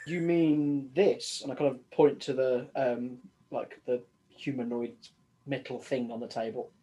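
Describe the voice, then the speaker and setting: A man's voice: mid-range voice, flat delivery, normal speed, mellow. A man playing a tabletop game, talking casually and laughing. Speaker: player.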